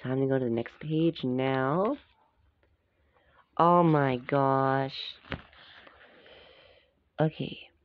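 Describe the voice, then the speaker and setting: With a rumbling low voice, a woman reads a storybook extremely slowly, leaving long pauses and stopping to chat casually about the pictures. The dull, dry lo-fi recording carries a little hiss or hum.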